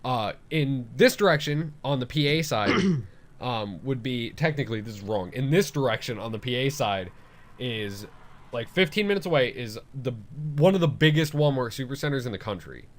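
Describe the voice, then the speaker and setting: A man of about twenty telling a long story on a casual podcast, animated and profane, with lots of fillers like "like" and "um". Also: medium pitch, moderate pace. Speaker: podcast host.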